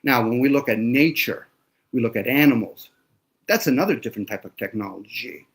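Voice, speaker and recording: A man's voice: medium pitch, expressive, fairly quick. A man in a casual conversation, talking bluntly with lots of swearing and sarcasm. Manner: blunt, profane ranting.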